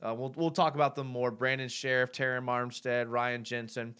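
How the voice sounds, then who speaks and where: A man's voice: medium pitch, normal speed, clear, resonant tone. A young man hosting a casual live show, reading viewer comments aloud and rambling through his thoughts with frequent restarts. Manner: rambling, self-correcting, animated.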